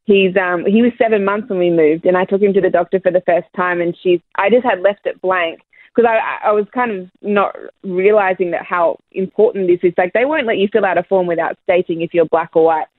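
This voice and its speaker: A woman's voice: on the low side, brisk, dry recording. A young Australian woman, a church planter, speaking as a guest in a radio interview, candid and cheeky, laughing often. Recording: dry tinny phone line.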